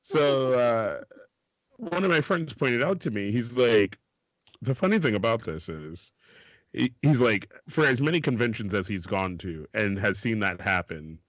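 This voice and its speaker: A man co-hosting a podcast in casual chat, laughing often and swearing, putting on high voices for quoted people. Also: unhurried, a bit bright, no room sound, highs cut off. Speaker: podcast co-host.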